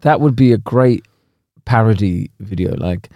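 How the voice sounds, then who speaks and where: A man, co-hosting a podcast, telling animated stories full of slang and swearing. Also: lowish voice, unhurried, no echo, clean studio sound. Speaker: podcast co-host. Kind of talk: casual banter.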